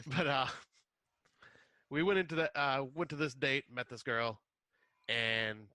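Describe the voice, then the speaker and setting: Bright-voiced man telling a self-mocking story. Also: medium pitch, steady tone, slow, pauses often, dry recording. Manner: self-deprecating, jokey storytelling. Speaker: podcast co-host. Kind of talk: casual chat, storytelling.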